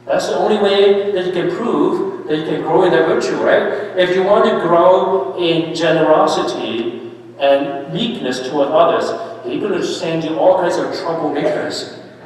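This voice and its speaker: A fairly high-voiced man preaching in a church, his words ringing back through a long hall reverb. He stands at a distance from the mic. He talks with his listeners more than at them, keeps tagging "right?" and "okay?", and jumps up in pitch and force on the points he wants to land. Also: measured pace. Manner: lively and emphatic, with sudden rises on key points. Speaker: priest giving a parish mission. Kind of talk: conversational sermon.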